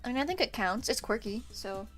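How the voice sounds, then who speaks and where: A woman's voice: on the high side, expressive, fairly quick, a bit bright, soft background music. Laughing, foul-mouthed young woman streamer. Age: 20s. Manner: loose and profane, laughing often. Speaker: livestreamer. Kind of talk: casual chat with stream viewers.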